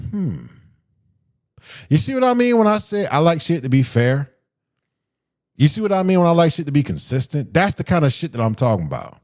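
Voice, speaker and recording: A man's voice: on the high side, fairly quick, long pauses. A man riffs alone on his podcast, worked up and profane, and he often drops into mocking impressions of other people. His voice swings widely up and down as he hammers his points home. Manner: animated, profane, ranting with mocking quoted voices. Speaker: podcast host. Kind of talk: solo podcast rant.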